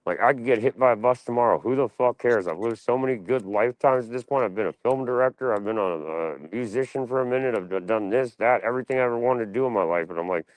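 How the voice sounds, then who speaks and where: A man's voice: fairly low pitch, fast, hardly any pauses, no echo. A man ranting bluntly and profanely on a casual talk panel, rambling from one gripe to the next. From United States. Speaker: podcast panelist. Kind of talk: casual opinion rant.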